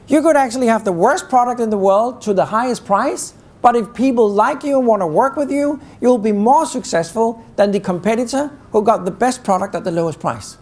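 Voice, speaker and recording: A man giving a live talk on negotiation, teasing the audience with rhetorical questions. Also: high-pitched. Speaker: keynote speaker on negotiation.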